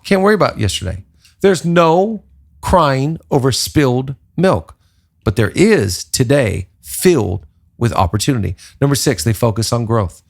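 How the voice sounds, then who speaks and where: A man hosting a casual leadership podcast, talking in an animated preaching cadence with repeated phrases. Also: mid-range voice, measured pace, vocal fry. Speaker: podcast host, pastor.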